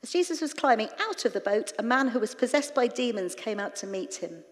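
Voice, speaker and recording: A woman preaching in church, retelling scripture with lively, animated asides to the congregation. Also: a little high, brisk. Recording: reverberant church hall.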